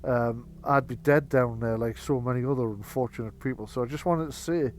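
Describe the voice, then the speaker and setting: A man voicing a grateful middle-aged train driver who speaks in a halting, heartfelt way. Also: mid-range voice, darkish tone, slight background noise, close to an everyday voice.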